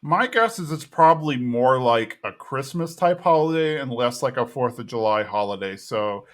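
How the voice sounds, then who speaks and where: A man's voice: mid-range voice, expressive, moderate pace. A man co-hosting a podcast, recapping a TV episode in easygoing casual chat and thinking aloud as he goes. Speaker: podcast co-host.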